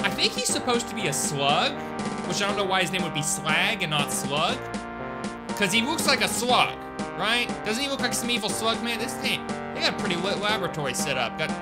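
A man streaming a video game, chatting casually and joking as he plays and eats. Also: sits high. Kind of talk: casual gameplay commentary. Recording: loud game music behind.

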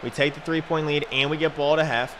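A man's voice: fairly even intonation, fast, background noise. Frustrated young man cursing over a game. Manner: frustrated, cursing, swings from low mutters to sudden shouts. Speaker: gaming streamer. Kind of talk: live game commentary.

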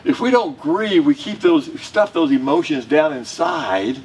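A man's voice: fairly high pitch, big pitch swings, a little slow, a little mellow. A male pastor with a Southern US accent preaching a sermon in a conversational, joking way to his congregation. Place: church sanctuary. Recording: distant mic with faint room noise.

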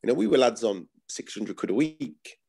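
A man's voice: mid-range voice, very animated, normal speed, vocal fry, mellow, breathy edge. A man, talking bluntly as an interview guest, swearing and repeating himself. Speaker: former footballer, guest. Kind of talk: casual interview.

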